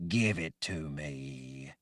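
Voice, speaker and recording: A man's voice: rumbling low, expressive, drawn-out words, fairly bright tone, dry recording, clean studio sound, pitched below the performer's own voice, heavily acted. A man voicing a cruel sorceress woman, possessed by a tyrant, speaking in a cold, menacing way.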